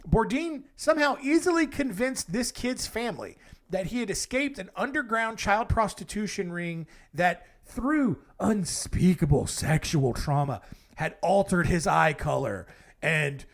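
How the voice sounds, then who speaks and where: A man's voice: high voice, lively intonation, a little slow. A man hosting a comedy podcast who tells stories in a rambling, casual way with jokey asides and self-corrections. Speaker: podcast host.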